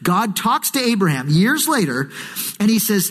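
Animated high-voiced pastor preaching. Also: male voice, unhurried, husky. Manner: animated, switching into quoted voices. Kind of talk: sermon. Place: church sanctuary.

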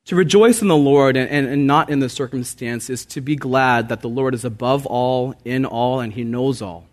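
A man pastor preaching a sermon in an earnest, emphatic way, repeating phrases and rising in pitch for emphasis. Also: normal speed.

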